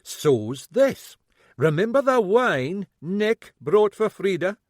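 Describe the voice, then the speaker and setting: A male narrator voicing a shrewd middle-aged Scottish detective who toys with a suspect. His Scottish-accented voice moves slowly and needles, with a lively, varied pitch. The sound is close and dry. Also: no room sound, exaggerated voice. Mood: sly. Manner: slow, needling, toying.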